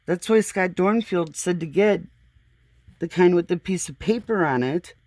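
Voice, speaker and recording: A woman's voice: lowish voice, unhurried, darkish tone, no echo. A woman filming a walkthrough of a home closet on her phone, pointing things out in an exasperated voice and swearing now and then. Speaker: homeowner filming a complaint video. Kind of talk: casual walkthrough narration. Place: indoors, small closet in a home.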